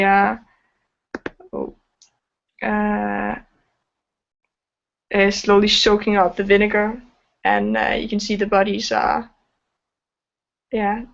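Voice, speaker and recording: A woman's voice: mid-range voice, gravelly. A woman narrating as game master of a tabletop game, hesitant and full of fillers. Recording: dull lo-fi sound.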